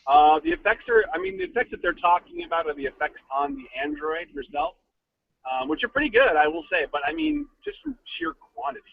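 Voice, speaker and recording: A man's voice: high voice, animated, brisk, creaky, husky, dry recording, narrow, tinny audio. A man co-hosting a casual podcast, eagerly giving his opinions and picks. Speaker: podcast co-host. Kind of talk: casual chat.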